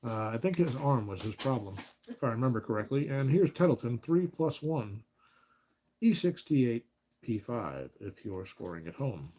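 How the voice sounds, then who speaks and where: Man in a lively mock announcer voice. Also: mid-range voice, moderate pace, a little hiss or hum. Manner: relaxed mock announcer delivery, dry asides. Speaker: host of tabletop baseball replays. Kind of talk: casual play-by-play of a tabletop baseball game. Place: home.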